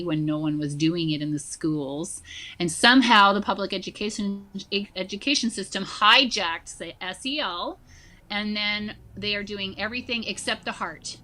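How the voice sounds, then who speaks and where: Bright-voiced woman in her forties. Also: fairly low pitch. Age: 40s. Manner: animated storyteller, many fillers like "like" and "you know". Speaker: guest, social emotional learning teacher. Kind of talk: casual conversation.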